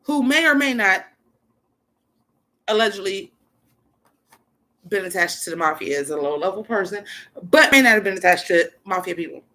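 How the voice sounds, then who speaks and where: A woman hosting a casual music stream, loose and profane, reminiscing and giving shout-outs to friends. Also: medium pitch, lively intonation, moderate pace, long pauses. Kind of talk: casual chat over music. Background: faint hip hop music.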